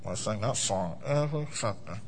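A preacher mimicking a sour, grumbling churchgoer. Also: male voice, expressive, moderate pace, noisy background. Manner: low muttering complaint. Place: church sanctuary.

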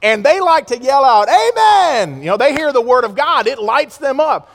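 A male pastor from the United States, preaching a sermon with passion and moving between loud exhortation and hushed asides. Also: extremely high pitch, moderate pace. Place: church sanctuary. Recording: long reverb of a large hall.

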